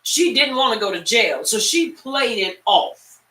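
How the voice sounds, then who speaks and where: Bright-voiced woman teaching scripture. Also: fairly high pitch, unhurried. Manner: lively storyteller, talks straight to the class. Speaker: Bible class teacher. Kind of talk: animated Bible-study teaching. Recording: echoey room, far from mic.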